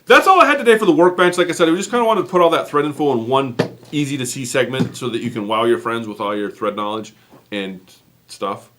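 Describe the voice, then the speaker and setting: A man's voice: medium pitch, expressive, quick pace, a bit bright, slight background noise. A man, co-hosting a casual chat, rambling and poking fun at himself with lots of ums. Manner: rambling, self-mocking, many fillers. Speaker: co-host.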